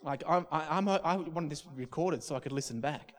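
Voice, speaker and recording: A man's voice: on the high side, moderate pace. A man, a pastor preaching a sermon through a personal story, restarting and repeating words as he talks.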